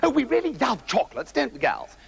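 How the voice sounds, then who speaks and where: A cheeky young princess whines and gushes, as a man puts her on. The voice sits high and swoops around, with a husky edge. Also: wildly swooping pitch, brisk, full character voice. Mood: greedy. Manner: whiny, gushing.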